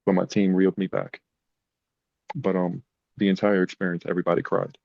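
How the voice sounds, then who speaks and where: A man's voice: sits low, brisk, gravelly, no echo, dull audio. A man, a podcast guest, telling personal stories in a casual, emotional way. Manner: emotional, animated retelling. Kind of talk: casual storytelling.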